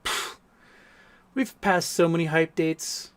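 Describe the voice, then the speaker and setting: Man, livestream host, casual chat, rambling storyteller, swears freely, slightly high voice. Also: fairly even intonation, takes it slowly. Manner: rambling, profane, storytelling, reads chat aloud.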